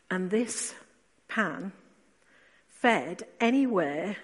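A woman preacher delivers a sermon at an unhurried, deliberate pace. Her voice sits at an ordinary middle pitch, and she leans on rhetorical questions, then drops into quiet asides. A long church reverb trails after each phrase.

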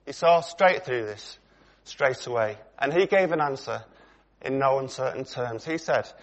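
A man's voice: mid-range voice, animated, moderate pace. A middle-aged man preaching a sermon in a conversational way, putting questions to his congregation.

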